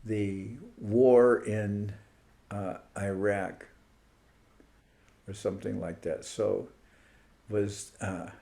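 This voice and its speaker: A man's voice: fairly low pitch, flat delivery, drawn-out words, vocal fry, pauses often, warm tone. A man giving an informal spiritual talk over a video call, musing aloud and stopping to search for words and names. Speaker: spiritual teacher. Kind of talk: informal online talk to devotees.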